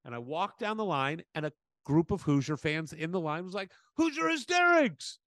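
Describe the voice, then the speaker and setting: A man co-hosting a podcast, chatting casually and telling animated stories with acted-out quotes. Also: a little high, a little fast, no room sound. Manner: animated storyteller, acts out quotes. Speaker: podcast co-host. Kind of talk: casual chat.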